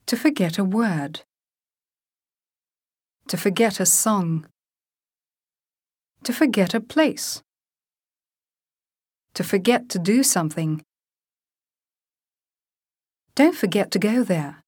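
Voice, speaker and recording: Woman, vocabulary drill reading, very slow, deliberate enunciation, dry close recording. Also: medium pitch, expressive, a little mellow, dry recording. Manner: clear, deliberate word-by-word enunciation. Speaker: language teacher reading vocabulary.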